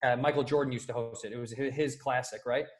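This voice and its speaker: A man in his thirties from the Chicago area, telling animated stories on a casual podcast and acting out the people in them. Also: mid-range voice, quick pace. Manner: animated storyteller, acts out quoted voices. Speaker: podcast guest.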